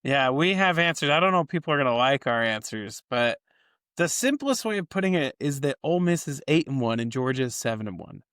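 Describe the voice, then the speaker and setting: A man's voice: mid-range voice, expressive, a little fast, fairly bright tone, smooth, dry recording, studio quality. A man co-hosting a casual sports podcast, explaining rating numbers at length and building his case step by step. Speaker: co-host of a college football ratings show.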